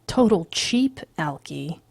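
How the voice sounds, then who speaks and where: A woman's voice: low voice, expressive, slow pace, creaky, slightly rough, no room sound, exaggerated voice. A woman voicing a snappy, sneering young Wall Street man.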